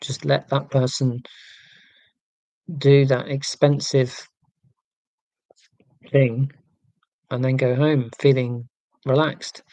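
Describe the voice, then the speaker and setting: Forties male livestream host, warm and relaxed, casual meandering chat with viewers, wry asides. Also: mid-range voice, slow pace, long pauses, no room sound. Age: 40s. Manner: rambling, wry and self-mocking, with many fillers and restarts.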